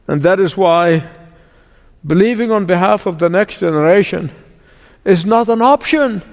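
High-voiced man preaching in a hall. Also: big pitch swings, moderate pace, darkish tone. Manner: emphatic preaching with repeated words. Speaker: pastor. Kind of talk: sermon.

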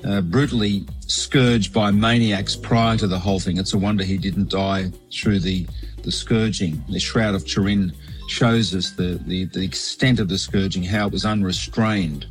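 Low-voiced bishop preaching a reflection. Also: male voice, steady tone, faint music behind, low-quality recording. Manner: measured, explanatory preaching. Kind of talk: weekly sermon reflection.

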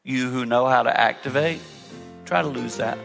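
A man's voice: mid-range voice, moderate pace, gravelly, over loud music. A man giving an earnest, conversational sermon-style talk on marriage to a live audience in a large hall. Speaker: guest speaker on marriage. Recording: echoey hall reverb.

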